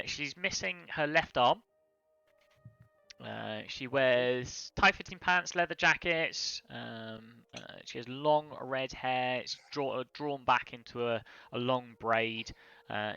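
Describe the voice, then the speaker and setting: A man narrating as game master in a tabletop game, pausing often with fillers. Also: mid-range voice, gravelly, smooth, dry recording, lo-fi sound. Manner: halting, many fillers, relaxed.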